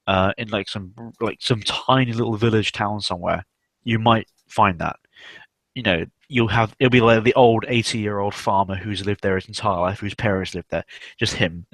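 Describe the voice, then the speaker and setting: A man's voice: fairly low pitch, steady tone, moderate pace, a bit bright, no echo. A young man hosting a casual livestream chat, rambling and swearing, with many fillers. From South West England. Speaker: stream host.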